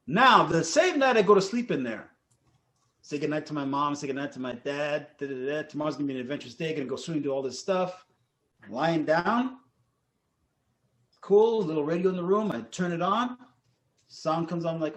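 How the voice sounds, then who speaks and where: A man telling ghost stories in a casual podcast chat, animated and acting out the people he quotes. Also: fairly high pitch, a little fast. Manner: animated, acts out quotes, laughs often.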